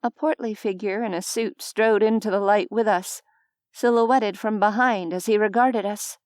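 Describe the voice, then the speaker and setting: A woman narrates a first-person audiobook from a script, telling the story in a wry, even way. Her voice sits in the mid range and moves at a moderate pace. The recording is dry and has clean studio sound.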